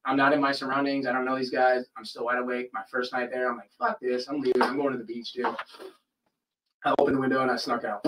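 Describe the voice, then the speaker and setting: Man, podcast host, casual storytelling, profane, animated, mid-pitched, slightly off-mic. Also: quick pace, distant mic, slight background noise, low-quality recording. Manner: animated, profane, acts out quoted people. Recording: voice a bit off-mic.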